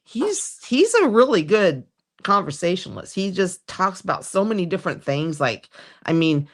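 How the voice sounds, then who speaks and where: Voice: medium pitch, big pitch swings, normal speed. This is a livestream host in loose, casual conversation, rambling from one thing to the next. Sentences often trail off or restart partway through, in an easygoing, talkative way. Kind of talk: casual chat.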